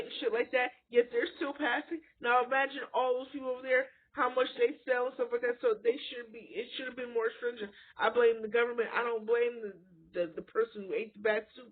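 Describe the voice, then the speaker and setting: A woman's voice: fairly high pitch, steady tone, fairly quick. A woman giving a blunt, profane, casual rant to camera, firing off rhetorical questions. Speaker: vlogger. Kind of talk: casual ranting monologue. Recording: phone-like lo-fi audio.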